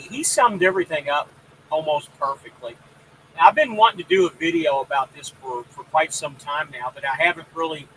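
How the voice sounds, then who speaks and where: A man's voice: on the high side, pushed and bright, slight background noise, poor audio. A man hosting a casual live stream about trucking, rambling and greeting viewers by name. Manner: rambling, reads out viewer comments.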